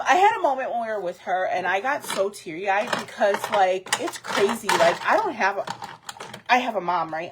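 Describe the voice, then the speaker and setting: A woman's voice: medium pitch, fairly bright tone, slight background noise. A woman in her thirties talking casually and heartfeltly to her viewers, rambling with many fillers. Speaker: vlogger.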